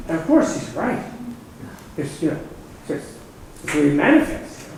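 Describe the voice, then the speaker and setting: Brief: older male speaker, high-pitched, animated joke-teller, very echoey hall. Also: moderate pace, pauses often. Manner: animated storytelling with voices. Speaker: speaker at a public dialogue. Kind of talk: telling a joke to an audience. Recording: very echoey hall, faint noise.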